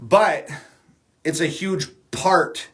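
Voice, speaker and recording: A man's voice: a little high, lively intonation, drawn-out words, a bit bright. A man chatting casually on a livestream, rambling and candid with frequent fillers and the odd curse word. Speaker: livestream host.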